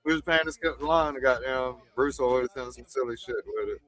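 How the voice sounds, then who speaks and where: A man's voice: medium pitch, a little fast, fairly bright tone, no echo, rough recording. A man co-hosting a casual stream chat, profane and laughing as he tells stories. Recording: dry sound, faint music behind. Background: faint music.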